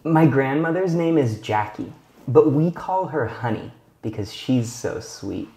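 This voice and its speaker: A man teaching English possessives in a video lesson, speaking slowly and clearly and often checking in with the viewer. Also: medium pitch, animated, warm tone, echoey room. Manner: slow, clear teacher talk with frequent check-in questions.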